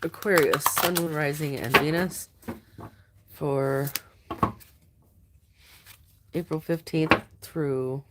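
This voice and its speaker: A drowsy woman talks through a weekly tarot spread in a loose, wandering way. She drifts between thoughts and leans on fillers. Her delivery is informal and unhurried. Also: sits low, fairly even intonation, very noisy. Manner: rambling, loose, many fillers and trailing thoughts. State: sleepy, yawning. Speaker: tarot card reader. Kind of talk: casual weekly tarot reading.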